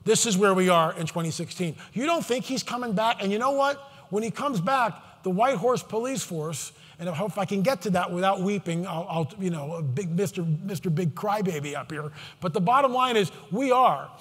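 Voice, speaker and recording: A man's voice: sits high, lively intonation, moderate pace, hardly any pauses, a bit bright, breathy edge, in a large hall. A man giving an impassioned conference talk from a stage, fervent and emphatic, with many asides and restarts. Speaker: conference speaker.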